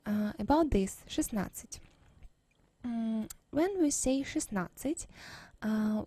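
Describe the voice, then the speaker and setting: A woman's voice: on the high side, mellow, no echo. A woman with a Russian accent teaching a language lesson over slides, patiently repeating words for practice.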